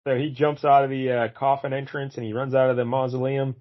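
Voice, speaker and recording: A man co-hosting a casual podcast, recapping a comic's plot in a relaxed, wry way. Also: medium pitch, fast talker, muffled recording. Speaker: podcast co-host. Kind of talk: casual comic review chat.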